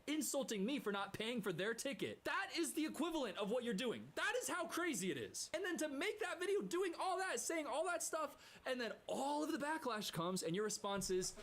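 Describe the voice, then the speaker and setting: A man's voice: very high-pitched, very animated, moderate pace, fairly bright tone. A man streaming as he reacts to online videos, talking in a sarcastic, mocking way and mimicking others in a whiny voice. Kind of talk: casual commentary.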